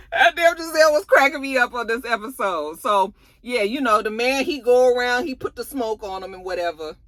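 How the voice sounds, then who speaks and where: A woman's voice: on the high side, fairly quick, few pauses. A woman recapping a reality show in a chatty, colloquial, sassy way, acting out what people said. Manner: animated, acts out quotes dramatically. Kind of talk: casual recap vlog.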